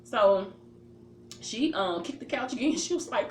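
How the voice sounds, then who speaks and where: A woman's voice: on the high side, lively intonation, unhurried. A woman casually telling a personal story. She acts out her own reactions and leans on fillers as she goes. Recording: roomy with faint ambient noise.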